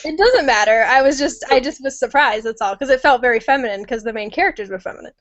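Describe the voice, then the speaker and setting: A young woman from Nashville hosting a casual book club discussion over a video call, joking and talking fast. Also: high voice, animated, dry recording. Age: young adult. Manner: giggly, quick, jokey. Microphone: computer mic on a video call. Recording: dry, muffled video-call audio.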